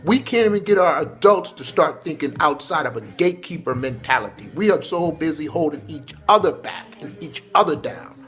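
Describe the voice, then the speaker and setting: A man's voice: a little high, expressive, moderate pace, few pauses, fairly bright tone, faint music behind. A man with a son, talking straight to young people in an earnest, preachy way that turns emotional, often repeating words and phrases. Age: adult with a son. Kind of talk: earnest direct-to-camera address.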